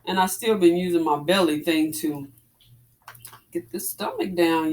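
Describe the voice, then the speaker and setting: A fitness vlogger in her forties chats casually with her viewers while working out, calling them "y'all" and letting out breathy exclamations between exercises, a little out of breath. Her voice is lowish and darkish, with big pitch swings, an unhurried pace and long pauses, plus a little hiss or hum.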